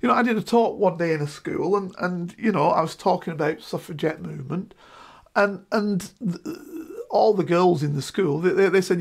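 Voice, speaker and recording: A middle-aged man, talking in an emphatic, animated way and checking in with "right?" as a guest in a casual discussion. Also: high-pitched, moderate pace, creaky, husky.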